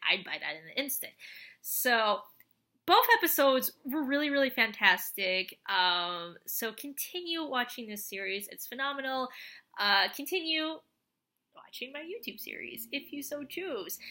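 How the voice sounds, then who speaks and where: A young woman chatting casually in a review vlog, animated and full of fillers, often acting out her own reactions. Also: on the high side. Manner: chatty, animated, lots of fillers and acted quotes. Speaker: show reviewer.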